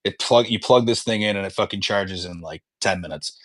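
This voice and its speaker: A man's voice: on the low side, a little fast, no echo. A man co-hosting a casual sports podcast, telling rambling stories full of swearing. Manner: profane, rambling storyteller. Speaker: podcast co-host.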